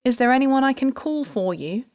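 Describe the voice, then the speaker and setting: A composed female detective from an audiobook, speaking in a measured, authoritative tone with a slightly raised, firm delivery, as a woman reader does her. The sound is dry and close. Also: high voice, expressive, no echo, pitched above the performer's own voice. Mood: calm. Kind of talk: audiobook character reading.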